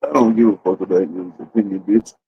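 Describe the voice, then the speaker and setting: A man's voice: fairly low pitch, fast, creaky, husky, no echo, narrow, tinny audio. A man telling a rambling, profane story to his livestream audience in a casual way, full of restarts. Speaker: streamer.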